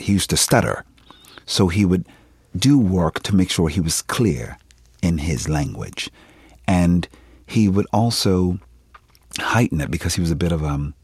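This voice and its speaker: A man from Philadelphia, an actor, chatting in an interview, telling stories with animated quotes and frequent laughs. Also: low-pitched, breathy edge, no room sound, studio quality. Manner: animated storyteller, laughs often, acts out quotes. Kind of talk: casual interview chat.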